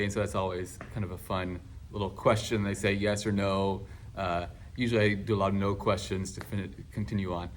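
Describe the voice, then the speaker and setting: A man, a choir teacher, explaining warm-up exercises in casual teaching talk, now and then breaking into song. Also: fairly low pitch, slight background noise. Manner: animated, bursts into singing and acted class responses.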